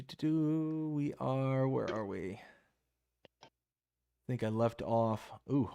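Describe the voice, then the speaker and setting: A man's voice: medium pitch, a little mellow. A man hosting a live stream in casual chat, reading viewer comments aloud and laughing easily. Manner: easygoing, laughs often, reads chat aloud.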